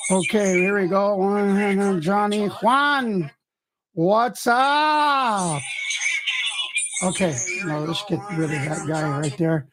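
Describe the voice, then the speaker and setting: A man's voice: sits high, measured pace, few pauses, a crowd in the background. A man hosting a casual, unscripted live stream from his home studio, rambling and poking fun at himself. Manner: rambling, self-deprecating, chatty. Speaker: host of a music podcast and live stream. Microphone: headphones on, desk mic.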